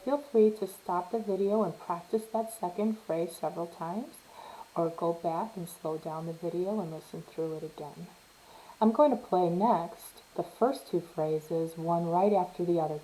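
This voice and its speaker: A woman's voice: fairly low pitch, moderate pace, poor audio. A woman teaching a step-by-step piano lesson, patiently explaining and counting beats aloud while she plays. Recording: soft piano playing behind her.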